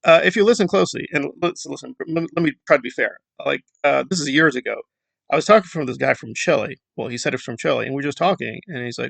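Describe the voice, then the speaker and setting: Gravelly sarcastic man ranting. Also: medium pitch, fast, a bit bright, dry recording. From Central America. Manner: sarcastic, rambling, mocking asides. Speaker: commentary YouTuber. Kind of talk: casual commentary monologue.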